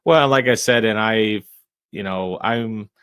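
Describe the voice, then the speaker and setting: A fairly low-pitched man speaks as a guest on a casual podcast, explaining things in a calm, measured way. He sounds like a self-described introvert and fills his pauses with "you know." The sound is dry and close, with no room echo. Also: smooth, dull audio. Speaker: real estate investor and realtor guest. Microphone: podcast microphone.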